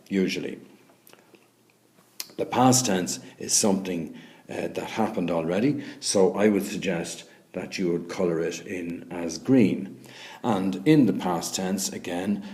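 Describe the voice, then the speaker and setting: A man's voice: sits low, darkish tone. A man with an Irish accent teaching a recorded grammar lesson. He is patient, spells words out letter by letter and often checks in with "okay?". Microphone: voice-over on a screen recording.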